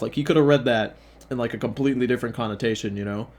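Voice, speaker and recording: A man's voice: mid-range voice, rapid-fire, darkish tone. A young man reading fan fiction aloud as host, breaking off for sarcastic, profane asides that mock the text.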